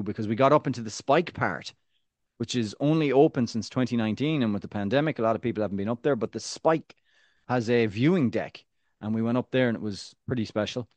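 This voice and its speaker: A man in his thirties co-hosts a sports podcast in a relaxed, rambling way. He jokes around and starts sentences over before landing them. His voice sits at an everyday pitch and is recorded dry and close, with no room sound. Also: no room sound. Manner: joking, rambling with restarts. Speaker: podcast co-host. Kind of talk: casual podcast chat.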